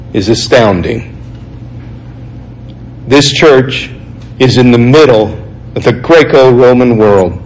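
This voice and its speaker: A man's voice: mid-range voice, poor audio. Earnest man preaching a sermon. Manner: earnest, conversational, slows for emphasis. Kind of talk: sermon reading and explaining scripture.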